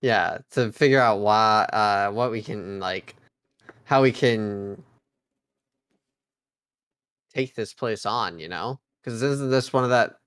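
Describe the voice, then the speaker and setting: A man's voice: lowish voice, a little slow, fairly bright tone, smooth, no echo. Male player at the table; casual, jokey, dry close sound. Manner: jokey, hesitant. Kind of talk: casual game chat.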